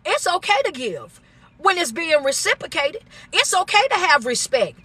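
A woman's voice: very high-pitched, big pitch swings, normal speed, bright, forceful tone. Emphatic forty-something woman life coach. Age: 40s. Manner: preachy, emphatic, calls listeners baby. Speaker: motivational speaker and life coach. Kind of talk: motivational monologue.

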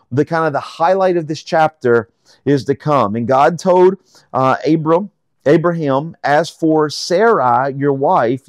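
A man with a slightly high voice teaches through scripture verse by verse, slowing down to read each verse before explaining it casually. He often pauses with fillers and restarts a phrase. The sound is dry and close, with no room echo. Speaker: Bible teacher. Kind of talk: Bible teaching.

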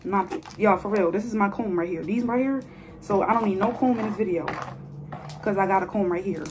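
A chatty young woman talks straight to her viewers as she styles a mannequin's hair, playful and easygoing. Her voice sits at an ordinary pitch, and a faint hiss runs under the phone recording. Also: a little fast. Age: 20s. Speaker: hair vlogger. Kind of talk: casual chat while styling a mannequin's hair. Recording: phone video with faint noise.

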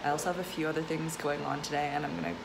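Student girl vlogging casually, lots of likes, creaky low voice, bit of noise behind. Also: fairly even intonation, racing. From United States. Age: young adult. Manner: chatty, many "like" fillers. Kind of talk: casual vlog chat. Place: home room and campus lab.

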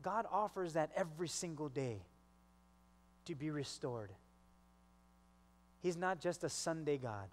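A male pastor delivering a sermon with a fairly high voice, and he slips into the voices of the people in his stories. His words carry a long reverb from the church hall. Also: lively intonation, a little slow, long pauses. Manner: storytelling, acts out quoted voices.

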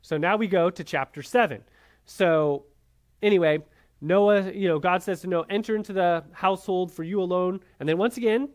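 A man's voice: high voice, moderate pace. A man teaching a church Bible class in a conversational way, often checking in with his listeners. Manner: conversational, frequent "right?" checks.

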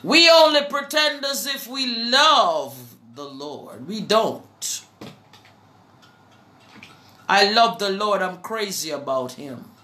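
Jamaican woman preacher, slow fervent delivery, bright voice, echoey room. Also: mid-range voice, very animated. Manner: slow, fervent, breaks into song. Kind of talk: preaching to a live online audience.

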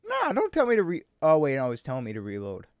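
A man's voice: a little high, fast, no echo, studio quality. Joking young man commenting on gameplay. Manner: joking, excitable. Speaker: gaming channel host. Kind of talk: let's play commentary.

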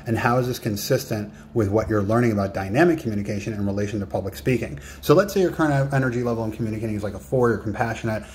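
A man's voice: lowish voice, racing, hardly any pauses, darkish tone, a little hiss or hum. A man giving a recorded coaching lesson, talking straight to the listener and setting writing tasks. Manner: direct, talks to the listener, gives writing tasks.

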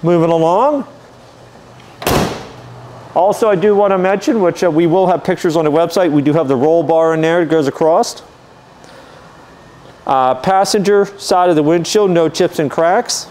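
Male dealer host, steady unhurried walkaround patter, clear smooth tone, slightly high pitch. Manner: easygoing, methodical, many "um" and "uh" fillers. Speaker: car dealer walkaround presenter. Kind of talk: casual vehicle walkaround narration.

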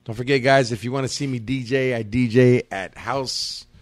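A man's voice: medium pitch, steady tone, moderate pace, no echo. A man telling stories in a casual podcast chat, slangy and profane with a laid-back drawl. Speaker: podcast host.

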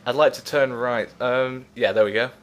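A man's voice: mid-range voice, fairly even intonation, normal speed, muffled recording, a little hiss or hum. A man commentating his gameplay in a casual, chatty way, out of breath, self-mocking and laughing often. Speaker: let's play host.

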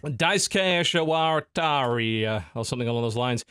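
A man's voice: mid-range voice, lively intonation, normal speed, fairly bright tone, clear, resonant tone, no echo. A man hosting a podcast in casual chat, articulate with a dry, wry way of putting things. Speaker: podcast host.

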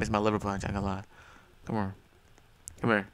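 A young man casually commentating his own gameplay for viewers, excitable and full of slang. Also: lowish voice, quick pace, clean tone, no room sound. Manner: excitable, slangy, talks to viewers while playing. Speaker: gaming YouTuber. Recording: game music playing behind. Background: video game music.

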